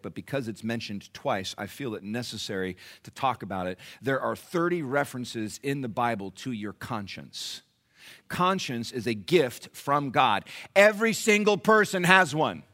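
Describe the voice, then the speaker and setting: A man preaching a sermon as pastor, animated, with rhetorical questions, swinging between loud emphasis and hushed asides. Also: medium pitch.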